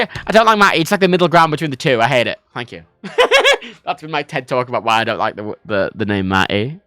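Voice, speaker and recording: Livestreaming his gameplay, an Irishman rambles on in lively, profanity-laced chatter with his Irish accent. He talks briskly at a fairly high pitch, and the sound is clean studio quality with no room noise.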